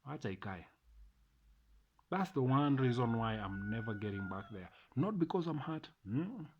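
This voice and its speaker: A man's voice: medium pitch, expressive, normal speed, muffled recording, background noise. A middle-aged man with a Kenyan accent, delivering an emphatic, repetitive opinion monologue to camera as a vlogger. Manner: ranting, emphatic, repeats phrases.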